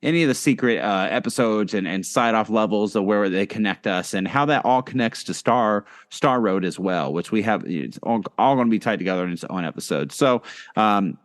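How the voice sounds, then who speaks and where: Casting note: man, lowish voice, casual podcast co-host, rambles with ums and restarts. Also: fairly quick. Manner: rambling, many fillers and restarts.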